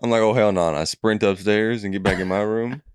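Young guy rambling through a wild story, lotta cursing, lowish smooth voice, dry sound. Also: a little fast, dry recording. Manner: profane, animated storytelling with acted quotes. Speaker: storyteller recounting a dream. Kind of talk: casual chat.

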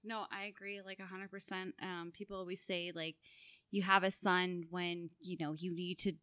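A woman's voice: lowish voice, flat delivery, moderate pace, a bit bright, clean tone, dry recording, clean studio sound. A young woman co-hosting a podcast, speaking candidly and reflectively in casual chat, with many fillers. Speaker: podcast co-host.

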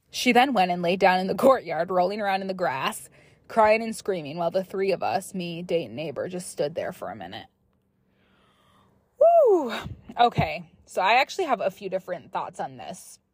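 A young woman hosting a podcast, reading listener stories aloud and breaking off into chatty, animated asides. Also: mid-range voice, husky, no echo. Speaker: podcast host.

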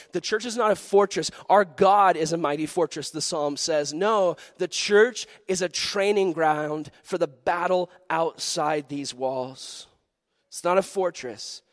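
High-voiced animated youth pastor, man. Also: measured pace, no echo, studio quality. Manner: animated storytelling, acting out voices and shouts. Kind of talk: sermon.

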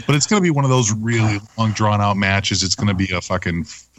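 On a laid-back wrestling podcast, this co-host swears freely, keeps things loose, and laughs easily. He speaks at a quick pace in a fairly low voice on a dry recording.

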